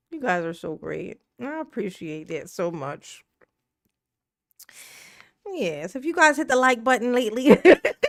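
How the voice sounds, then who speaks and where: Slow-talking, laughing woman streamer. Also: high voice, clean tone, no echo, clean studio sound. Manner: laughs often, reads out viewer comments, slangy and emotional. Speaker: livestream commentary host. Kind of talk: casual live-stream chat.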